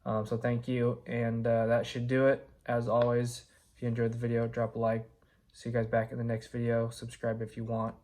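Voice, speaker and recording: A man with a hoarse, sick-sounding voice, casually updating his viewers in a rambling way with lots of fillers. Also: mid-range voice, normal speed. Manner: relaxed, rambling with many fillers. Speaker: vlogger, electrician.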